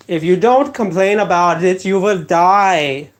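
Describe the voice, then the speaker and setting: A man's voice: high-pitched, unhurried, few pauses. A man hosting a live stream, rambling in a repetitive, emphatic, half-joking rant. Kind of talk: rambling casual monologue.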